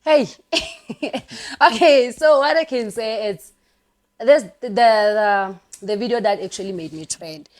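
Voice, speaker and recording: A woman's voice: fairly high pitch, slow, darkish tone. A young woman with a South African accent, a content creator guest telling stories animatedly in a casual podcast interview and laughing often. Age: young adult.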